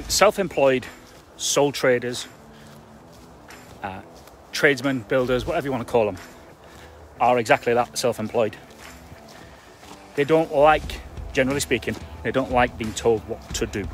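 A man giving a blunt, emphatic live-stream coaching talk to property investors, chatty and full of fillers. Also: medium pitch. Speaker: construction trainer for property investors.

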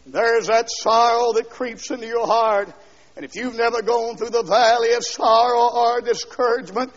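A man preaching a fiery revival sermon, dropping to quiet asides and then shouting and singing out lines, heard on a dull 1970s LP recording from a church. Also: very high voice, steady tone, normal speed. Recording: dull 1970s LP recording with long hall echo.

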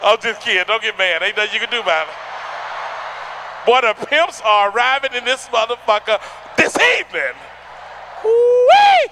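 A man doing a loud, animated stand-up routine on a comedy stage, acting out the voices in his stories. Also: high voice, brisk, slight background noise. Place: comedy stage before a live audience.

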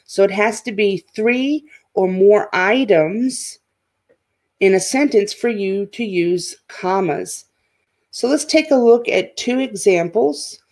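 A woman's voice: mid-range voice, slow, a little mellow. Patient woman teaching a grammar lesson. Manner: patient, repeats points, checks in with "okay?". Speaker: elementary teacher. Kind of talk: explaining a lesson at a board.

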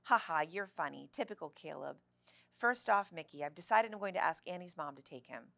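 A woman reading the lines of an eager, chatty young girl who loves animals, in a bright and eager way. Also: fairly low pitch, lively intonation, brisk, vocal fry, no echo.

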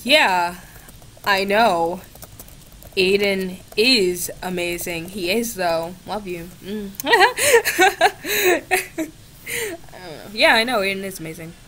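Slow-talking, sarcastic young woman vlogger. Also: medium pitch, very animated, a bit bright, slight background noise. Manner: sarcastic and giggly, swears often, mock-exasperated. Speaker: gaming video creator. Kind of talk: casual chat with a chatbot on camera. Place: home, at a laptop.

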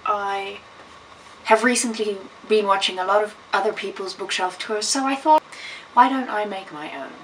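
A woman's voice: mid-range voice, normal speed, recorded from a distance, rough recording. A woman chats her way through a casual bookshelf tour vlog, rambling and correcting herself as she goes. Her voice sits a little back from the camera mic in a room at home. A faint hiss runs underneath. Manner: chatty and rambling, with self-corrections. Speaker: vlogger.

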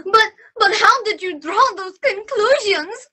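A woman's voice: very high voice, animated, unhurried, bright, forceful tone, heavily acted. An actress playing a coy, evasive young woman client who teases a detective, in an amateur virtual stage reading.

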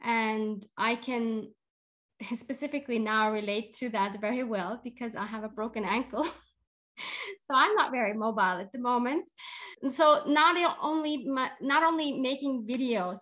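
A woman's voice: a little high, normal speed, a bit bright. A woman hosting a podcast, talking in an earnest, emotional way with frequent restarts. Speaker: podcast host. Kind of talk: heartfelt casual chat.

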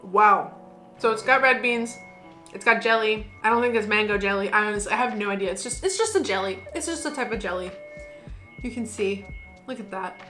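A woman's voice: medium pitch, fairly quick, pushed and bright, faint music behind. A young woman from the United States, gushing playfully while taste-testing in a casual vlog. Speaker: food vlogger.

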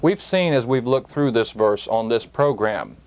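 A man's voice: mid-range voice, expressive, a little slow, darkish tone. A man teaching a Bible verse on his program, in an earnest, emphatic preaching manner that lifts on key words. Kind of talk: slow, deliberate Bible teaching broadcast.

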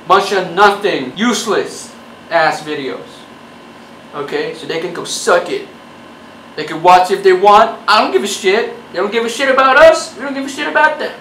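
A man's voice: sits high, bright, forceful tone, reverberant, distant mic, a little hiss or hum, low-quality recording. A man doing a profane, mock-angry comedy rant straight at his viewers. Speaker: YouTube comedian.

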